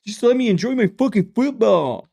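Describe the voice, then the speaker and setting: A man putting on a brash football-fan bro, high-pitched, whiny, profane, yelling. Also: expressive, moderate pace, gravelly, full character voice. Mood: rowdy whining. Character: loud brash male football-fan bro, young adult.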